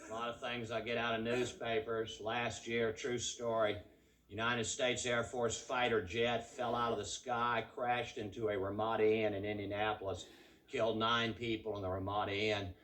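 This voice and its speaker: A man's voice: fairly low pitch, flat delivery, moderate pace, a bit bright. West texas comic guy, dry drawly storytelling, live mic with noise behind. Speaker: stand-up comedian. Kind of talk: stand-up comedy set.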